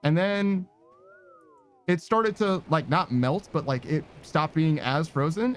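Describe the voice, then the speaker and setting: A man's voice: sits high, very animated, normal speed, slight background noise. A man chatting casually while streaming a game, rambling, swearing and laughing at himself. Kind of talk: casual chat while gaming.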